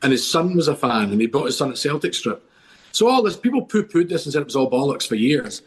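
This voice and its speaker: A middle-aged Scottish man speaks at a medium, sing-song pitch and a fast clip. He's a guest on a casual podcast, rambling enthusiastically through long stories and restarting himself often.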